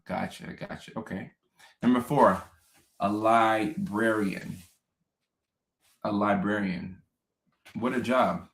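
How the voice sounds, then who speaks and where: A man's voice: on the low side, gravelly, a bit bright. A young adult man hosting a casual livestream. He reads viewer comments, laughs often and repeats phrases. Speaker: host. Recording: roomy echo.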